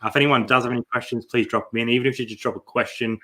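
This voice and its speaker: A man's voice: mid-range voice, racing. Chatty Australian man co-hosting. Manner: relaxed, chatty, asks questions. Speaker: co-host. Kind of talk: casual live-stream chat.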